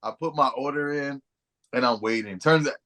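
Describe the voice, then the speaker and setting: A man's voice: mid-range voice, moderate pace, fairly bright tone. Rambling man telling profane stories. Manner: rambling, profane, slangy anecdotes. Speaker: podcast co-host. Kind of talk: casual storytelling chat.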